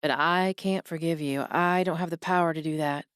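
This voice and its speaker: A woman voicing a male pastor who speaks calmly and patiently, guiding a dying man. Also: low-pitched, moderate pace, clear, resonant tone, dry recording, clean studio sound, lightly acted. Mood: gentle. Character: calm gentle male pastor.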